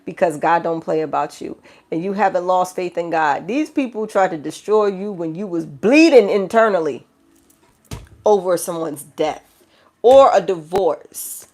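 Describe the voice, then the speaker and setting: A woman with a New York accent giving a live tarot reading, lively and slangy, swinging between loud exclamations and low hushed stretches. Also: moderate pace. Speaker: tarot reader.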